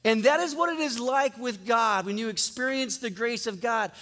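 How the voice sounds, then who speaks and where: A male pastor with a high-pitched voice delivers a sermon in a relaxed storytelling way. He plays out each exchange as he tells it. His voice carries a long reverb, as if it fills a large church sanctuary. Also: normal speed. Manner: conversational storytelling, acting out dialogue.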